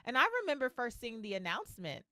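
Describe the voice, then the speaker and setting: Apresentadora de podcast com voz seca e próxima. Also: female voice, a little high, lively intonation, quick pace, dry recording. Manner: warm, effusive, encouraging. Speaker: podcast host. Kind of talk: interview conversation.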